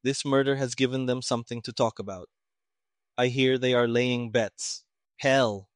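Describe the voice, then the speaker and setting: A brisk, cynical army major speaks in crisp, clipped phrases, as a male reader puts him on. The sound is dry, with no reverb. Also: mid-range voice, fairly even intonation, close to an everyday voice.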